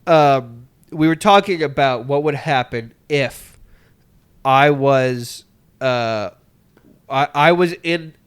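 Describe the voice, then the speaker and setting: A young man co-hosting a comedy podcast, telling absurd stories in a rambling, deadpan way. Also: mid-range voice, slow, clean tone. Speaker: podcast co-host. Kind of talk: casual comedic podcast chat.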